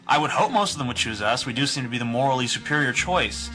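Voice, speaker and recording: A man's voice: mid-range voice, lively intonation, fast, bright, forceful tone, soft background music, poor audio. A young man delivering a smug, dismissive monologue in an old webcam video. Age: young adult.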